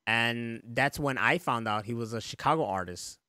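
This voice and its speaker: A man co-hosting a podcast, chatting in a relaxed, rambling way with frequent laughs and casual swearing. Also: medium pitch, moderate pace, dry recording, studio quality. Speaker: podcast co-host. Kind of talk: casual chat.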